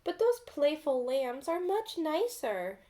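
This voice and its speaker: A soft, wistful mother hen from a storybook, voiced by a woman reading aloud. The voice sits high and unhurried, gentle and a little sad. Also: very animated, exaggerated voice.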